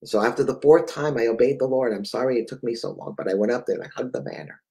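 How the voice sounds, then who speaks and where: A man's voice: medium pitch, fast, vocal fry, mellow, low-quality recording. A man with a New England accent preaching a fervent sermon, often stammering and repeating words.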